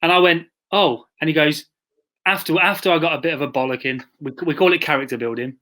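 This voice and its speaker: A man co-hosting a podcast, telling a self-mocking anecdote in a relaxed, chatty way. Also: a little high, quick pace. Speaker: podcast co-host. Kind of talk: casual conversation.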